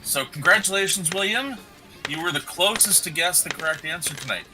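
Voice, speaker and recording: A man's voice: on the high side, fairly quick, over music, poor audio. A man hosting a casual livestream chat who explains figures methodically and jokes about himself. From Canada. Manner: explains numbers methodically, self-deprecating. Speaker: host.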